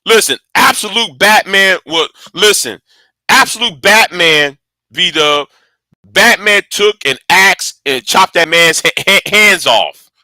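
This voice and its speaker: A man giving casual rambling commentary, excitable and cursing often, stumbling over and repeating his words. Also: high voice, slow pace, no echo. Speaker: online commentator.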